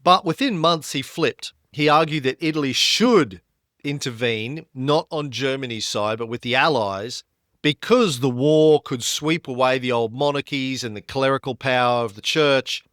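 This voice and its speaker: A man's voice: mid-range voice, normal speed, a bit bright, no echo, studio quality. A man co-hosting a history podcast, explaining events with frequent fillers and restarts. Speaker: podcast co-host.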